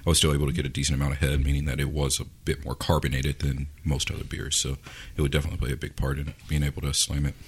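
A man in a casual beer-tasting chat, giving thoughtful, halting opinions with many fillers. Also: very deep voice, completely flat delivery, breathy edge. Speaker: co-host.

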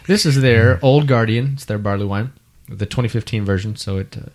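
A man's voice: lowish voice, brisk. A man hosting a casual beer-tasting chat, explaining each beer at length. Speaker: beer podcast host.

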